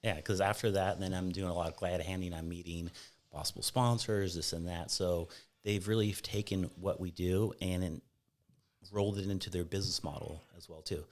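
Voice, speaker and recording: A man with a very low, deep voice tells stories in a loose, rambling way, often restarting his sentences. He is a falconer from Fresno, California, chatting on a casual podcast. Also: fairly even intonation, normal speed. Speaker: guest falconer.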